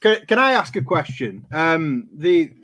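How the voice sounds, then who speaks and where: Casting: man, fairly high voice, dry sound, blunt teasing co-host. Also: big pitch swings, a little slow, a bit bright, dry recording. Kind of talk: casual chat.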